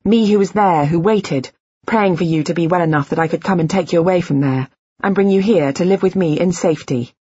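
A woman's voice: lowish voice, a little fast, mellow, slightly rough, no echo, highs cut off. A woman reading the lines of a desperate middle-aged husband, pleading through tears in an audiobook. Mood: intense, insistent. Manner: pleading, emotional.

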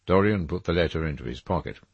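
A man reading a classic novel aloud in expressive, measured scripted narration. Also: very deep voice, husky, no echo, dull audio. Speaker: audiobook reader.

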